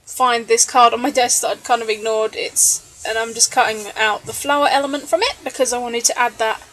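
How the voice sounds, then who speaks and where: A woman's voice: on the high side, brisk. Chatty woman narrating crafts. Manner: chatty, relaxed, with many ums and little laughs. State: tired late at night. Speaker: scrapbooking vlogger. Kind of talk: voice-over narration of a crafting process video. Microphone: voice-over recorded separately from the video.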